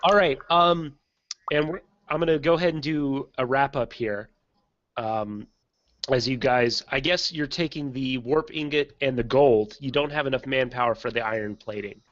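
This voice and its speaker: A man narrating a tabletop game as game master, in a relaxed, chatty way with frequent ums. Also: medium pitch, normal speed, dry recording. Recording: slightly dull lo-fi recording.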